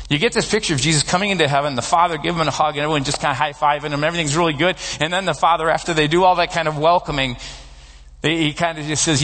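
A man preaching a sermon as pastor, talking in a relaxed conversational storytelling way. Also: fairly high pitch, brisk. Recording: long reverb of a large hall.

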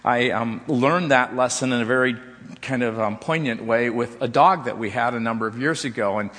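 A man's voice: mid-range voice, moderate pace, fairly bright tone, big-room sound. A middle-aged man preaching a sermon, telling a story in a loose way with many restarts and repeated "and". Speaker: pastor.

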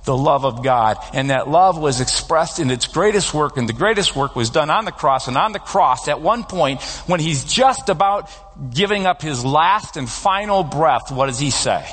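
A man's voice: on the high side, expressive, normal speed, a bit bright. Guy pastor preaching, kinda conversational, telling stories, lots of church echo. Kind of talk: sermon. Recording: long reverb of a large hall.

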